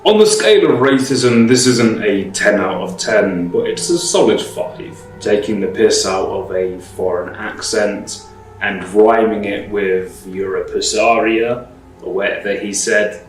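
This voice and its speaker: A man giving measured, disapproving commentary that explains the law, in the manner of a reaction video. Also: lowish voice. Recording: roomy, distant mic, faint music.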